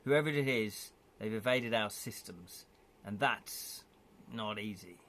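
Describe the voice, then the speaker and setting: A guarded, weary businesswoman, cool and measured, spoken low and quietly by a man reading the lines aloud. She keeps her words short and even, as if holding something back.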